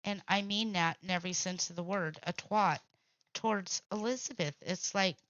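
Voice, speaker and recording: A crafting channel host with a fairly low, slightly bright voice chats at a moderate pace, no echo in the room. In dull lo-fi sound, she keeps her casual livestream talk blunt and salty, laughing a lot.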